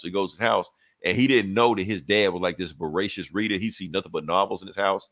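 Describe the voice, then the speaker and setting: A man co-hosts a casual podcast and retells a story with animated energy and plenty of swearing. His voice sits low. The recording is dry and close to the mic. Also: fast, no echo. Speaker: podcast co-host.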